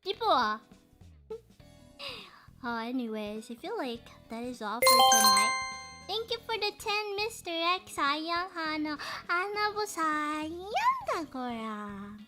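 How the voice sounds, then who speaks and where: A woman's voice: high-pitched, big pitch swings, takes it slowly, loud music behind the voice. A Malaysian woman livestreaming, chatting playfully and laughing often, mixing in English. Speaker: streamer. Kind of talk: casual livestream chat.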